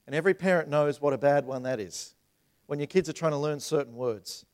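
Conversational preacher, man, mid-high voice. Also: fairly quick, a little mellow. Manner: conversational preaching with rising emphatic passages. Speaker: pastor. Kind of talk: sermon. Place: church sanctuary.

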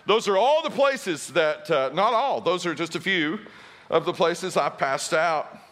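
A man's voice: high-pitched, sharp tone. A middle-aged man preaching a sermon, telling funny self-deprecating stories before turning to scripture. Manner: storytelling, self-deprecating humor. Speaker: pastor.

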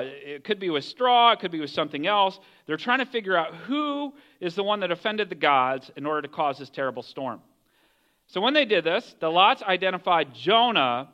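Animated high-voiced male pastor preaching. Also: highs cut off. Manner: animated storytelling, acts out voices of characters. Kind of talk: sermon.

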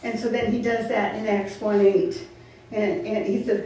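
A woman's voice: mid-range voice, normal speed, a little mellow. A woman preaching a sermon, firing repeated questions at her congregation with laughing asides. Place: church sanctuary. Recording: roomy echo, from far off, faint noise.

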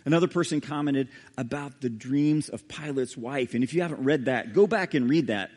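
A male pastor preaching a sermon and reading scripture aloud, dramatic, with sudden hushed low drops on key words. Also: moderate pace. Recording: long hall reverb.

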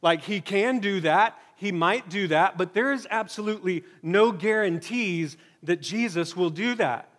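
A man with a fairly high voice preaches a sermon to his congregation. He talks conversationally and puts strong emphasis on key points, and his jokes come out wry. His voice carries through a hall with a long reverb. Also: unhurried, few pauses, a bit bright. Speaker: pastor. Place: church hall before a congregation.

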